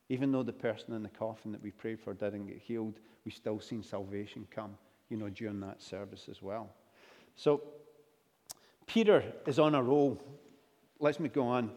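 Pastor preaching in a reverberant hall. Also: male voice, medium pitch, a little mellow. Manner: storytelling, acts out dialogue with asides. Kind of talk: sermon.

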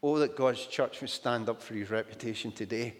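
Scottish preacher in a reverberant hall. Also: male voice, medium pitch, a little fast. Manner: storytelling with frequent "do you know" asides. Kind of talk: sermon.

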